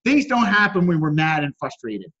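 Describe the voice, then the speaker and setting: A man coaching a student on a group call, energetic and pushy, repeating himself as he drives his point home. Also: on the high side, normal speed, slightly rough, highs cut off.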